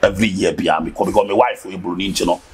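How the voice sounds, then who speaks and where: A man with a Ghanaian accent, a guest preacher in an interview, talking in an animated, preachy way that bursts into shouting. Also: deep voice, racing, slightly rough. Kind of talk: impassioned interview talk mixing Twi and English.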